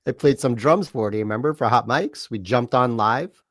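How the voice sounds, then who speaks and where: Male producer, mid pitch, relaxed chuckling aside, dry studio sound. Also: normal speed, no echo. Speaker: show producer and drummer. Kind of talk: casual chat.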